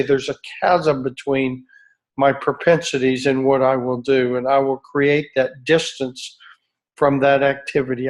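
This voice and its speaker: Slow, earnest middle-aged man leading a retreat. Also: medium pitch, rough recording. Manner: slow, measured and earnest, with searching restarts. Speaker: retreat leader. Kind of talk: reflective talk to a group. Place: outdoor retreat by a beach.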